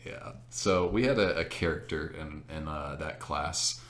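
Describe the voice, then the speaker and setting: A young man in casual chat, telling an animated story with laughs and many fillers. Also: a bass voice, unhurried. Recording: echoey room.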